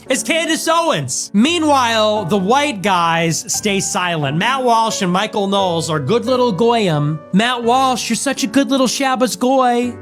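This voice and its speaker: A man's voice: high voice, a bit bright. A man hosting a political commentary video, ranting in a crude, mocking way.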